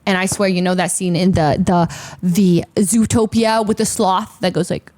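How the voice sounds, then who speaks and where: A young woman streamer casually retelling a story to her chat, animated and breathless, with sudden high-pitched exclamations. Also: moderate pace.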